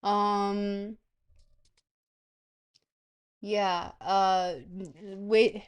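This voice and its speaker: A woman's voice: fairly low pitch, little pitch movement, unhurried, pauses often, clear, resonant tone. A woman streamer in a casual livestream chat, goofy and rambling, swearing freely.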